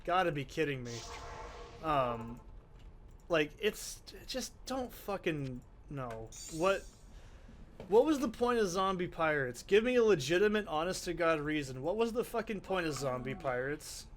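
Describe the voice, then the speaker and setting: Exasperated male gamer, cursing constantly, voice a bit higher than usual, faint background hum. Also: animated, moderate pace. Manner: ranting, profane, exasperated. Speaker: gaming channel host. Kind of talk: let's play commentary.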